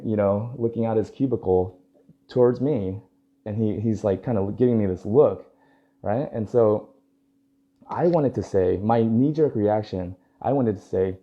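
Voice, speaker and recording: A man's voice: on the low side, a little slow. A young adult man telling a story in casual talk, acting out dialogue and laughing often. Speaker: dog groomer and vlogger. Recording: dull lo-fi recording.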